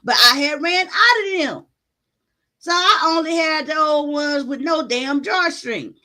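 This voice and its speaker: A woman hosts a casual livestream from her home, talking straight into her phone to her chat. Her voice sits high and rings bright and forceful. She tells her story loudly and with lots of animation, and she swears freely as she goes. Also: a little slow. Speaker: livestream host.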